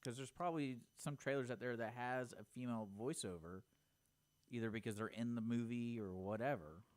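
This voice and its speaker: A young man co-hosting a radio chat show, quick to push back and contradict his co-host. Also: medium pitch. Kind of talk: casual on-air chat. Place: radio studio.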